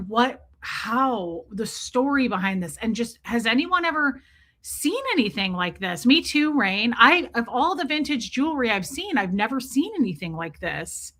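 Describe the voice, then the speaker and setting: Bright-voiced gushing woman streamer. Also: a little high, expressive, measured pace. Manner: gushing, chatty, greets viewers by name. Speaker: livestream host. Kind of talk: casual livestream chat.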